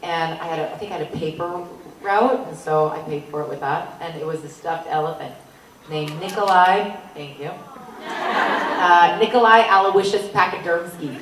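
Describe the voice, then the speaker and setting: A woman's voice: lowish voice, normal speed. Offhand woman joking on stage, distant mic, noisy room. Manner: wry, offhand. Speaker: convention panelist. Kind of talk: casual anecdote to an audience. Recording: echoey hall, distant mic, noise.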